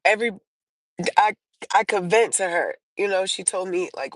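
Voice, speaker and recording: In a casual storytelling chat on her livestream, a woman rambles through personal stories full of fillers and restarts. Her voice is on the low side with lively intonation, moderate pace, and vocal fry, captured in a dry recording with poor audio.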